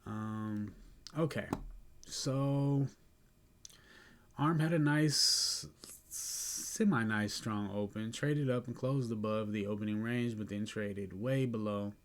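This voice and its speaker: A sleepy, yawning man casually talking through his day trades, relaxed and chatty, thinking aloud with fillers and soft laughs. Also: fairly low pitch, takes it slowly. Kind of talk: casual screen-recorded trade review.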